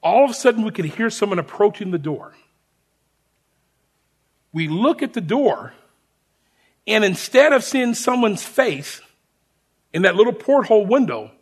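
A man's voice: sits high, unhurried, pauses often, slightly rough. A man preaching, telling a personal story to his congregation as a sermon. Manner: animated storyteller addressing a congregation.

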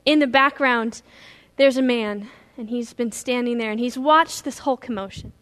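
A woman pastor preaching a sermon, retelling a story in a lively storytelling way. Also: on the high side, normal speed. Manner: animated storytelling, acting out scenes.

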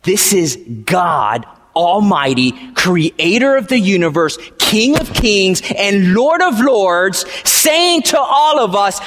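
A man preaching a sermon, emphatic and repetitive, swinging from hushed lines to shouted ones. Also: high-pitched, very animated, takes it slowly, hardly any pauses. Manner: emphatic, repeats phrases, swings between quiet and shouting. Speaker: pastor. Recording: long hall reverb.

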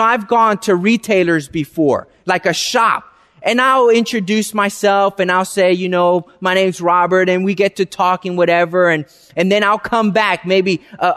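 A male pastor preaching a sermon. He reads scripture slowly and acts out everyday greetings. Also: sits high, a bit bright. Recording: reverberant hall.

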